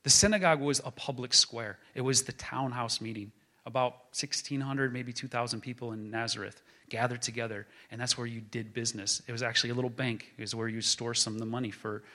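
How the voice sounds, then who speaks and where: A man preaching a sermon as a pastor, building to emphatic proclaiming and then dropping to a hushed tone. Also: mid-range voice.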